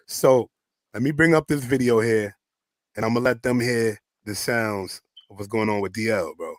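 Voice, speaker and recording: A man hosting a radio show, talking in a hyped, slangy, energetic way. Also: lowish voice, moderate pace, no room sound. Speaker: radio host. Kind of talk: casual interview chat.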